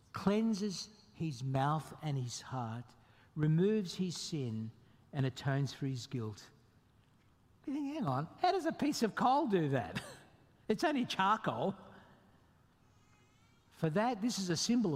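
A man preaching a sermon as pastor, emphatic and animated, with sudden jumps in pitch. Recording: long reverb of a hall.

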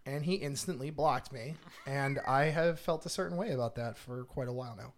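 A man co-hosting a casual podcast who tells absurd stories in a deadpan way. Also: medium pitch, brisk. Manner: deadpan comic storytelling. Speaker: podcast co-host.

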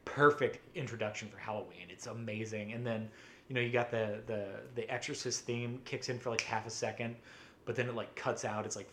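A man's voice: lowish voice, steady tone, a little fast, fairly bright tone, slight background noise. A man co-hosting a podcast, talking casually and enthusiastically, swearing often and rambling with many restarts. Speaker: podcast co-host. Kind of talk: casual chat.

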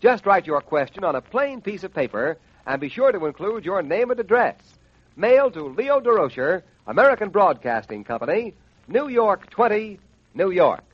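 Husky announcer giving a hard-sell pitch. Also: male voice, very animated, normal speed, no echo. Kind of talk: radio ad read. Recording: dull lo-fi 1940s radio recording.

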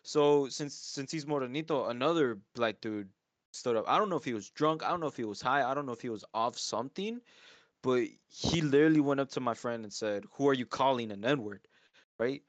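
A young man, a podcast co-host, telling a casual story in loose slang with halting restarts. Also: medium pitch, no room sound. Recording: dry, dull lo-fi sound.

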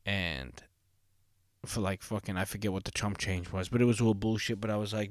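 A man's voice: fairly low pitch, fairly even intonation, moderate pace, no room sound, studio quality. A man hosting his own solo podcast, talking casually in a rambling, profane way with many fillers. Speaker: podcast host.

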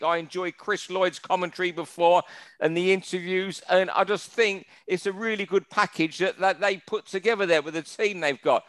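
A man's voice: sits high, fairly bright tone, clean tone, no room sound. A man, a boxing journalist and analyst, giving his views in casual podcast chat with easy fillers.

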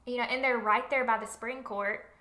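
A young woman co-hosting a book podcast, chatting casually and laughing often. Her voice is bright and a bit high, with plenty of ums and trailing asides. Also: steady tone, normal speed. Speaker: podcast co-host. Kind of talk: casual book-discussion chat.

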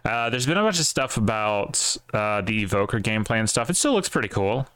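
A man co-hosting a casual podcast, talking with animated opinions and casual swearing. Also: lowish voice, brisk, clear, resonant tone, no echo, clean studio sound. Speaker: podcast co-host. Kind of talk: casual chat.

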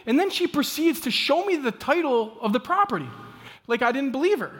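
A man preaches a sermon through a story. His voice sits unusually high, and he talks in a loose, conversational, animated way, full of casual fillers. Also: moderate pace, pauses often, in a large hall. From Midwest US.

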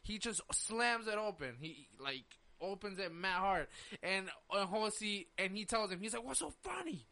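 A man's voice: high voice, normal speed. A young man on a podcast telling a story in casual chat, full of "like" and acted-out quotes. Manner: animated storyteller acting out quotes, lots of "like". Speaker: podcast host.

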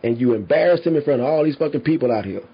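A man speaking rants to his viewers, heated and emphatic, swearing constantly. His voice is very husky and mid-pitched, and the recording sounds a little dull. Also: lively intonation, racing. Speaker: commentary podcaster. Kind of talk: profane rant to viewers.

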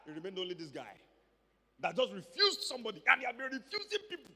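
A high, bright, husky male voice with a Nigerian accent, preaching from a pulpit. He tells his story with animated energy and plays out every exchange, and a long hall reverb trails each phrase. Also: fairly quick, long pauses. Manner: animated storyteller acting out dialogue. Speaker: pastor. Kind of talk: sermon testimony.

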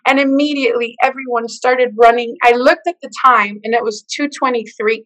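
A woman telling her personal faith testimony in an animated way, acting out the voices of the people in her story. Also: high-pitched, normal speed, hardly any pauses, poor audio. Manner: expressive storyteller who acts out the quoted lines. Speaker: guest sharing her testimony.

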